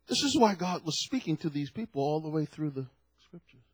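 A man preaching a sermon to his church, swinging from hushed, slow phrases to loud, fervent passages. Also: a little high, very animated, slightly rough, dry recording. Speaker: pastor.

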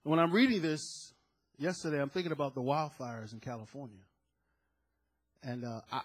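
A man's voice: mid-range voice, rough recording. A man preaching a sermon, fervent and emphatic, often repeating words as he builds a point.

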